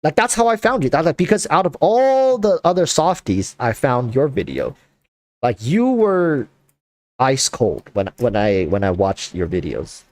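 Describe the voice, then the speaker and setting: A man hosting a casual chat, talking in an animated, rambling way with lots of fillers. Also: medium pitch, a little slow, dry recording. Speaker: content creator and host.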